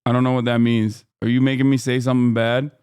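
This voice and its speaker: A man's voice: mid-range voice, flat delivery, fast talker, darkish tone, clear, resonant tone, no echo. Joking man on a close dry mic. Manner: joking, reacting to chat. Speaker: livestream host. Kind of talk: casual live-stream commentary. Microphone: close streaming mic.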